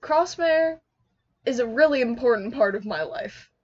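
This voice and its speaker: Giggly young woman with a lively voice. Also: fairly high pitch, unhurried, lo-fi sound. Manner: giggly, teasing, swearing. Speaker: podcast co-host. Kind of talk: casual chat.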